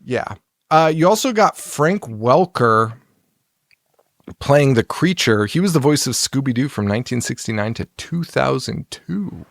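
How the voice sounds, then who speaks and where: A man's voice: medium pitch, lively intonation, a little slow, vocal fry, dry recording, studio quality. A man co-hosting a casual film podcast, rambling and swearing, laughing often. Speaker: podcast co-host. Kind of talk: casual chat about films.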